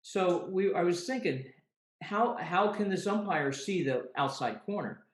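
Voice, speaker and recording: A man's voice: sits high, expressive, a little slow. A man guest, an umpire, talking earnestly in a casual interview and often repeating words as he thinks. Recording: roomy echo.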